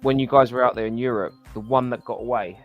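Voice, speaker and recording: A man's voice: mid-range voice, steady tone, quick pace, phone-quality sound, faint music behind. A man hosting a podcast, putting questions to his guests in a casual chat. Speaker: podcast host asking questions.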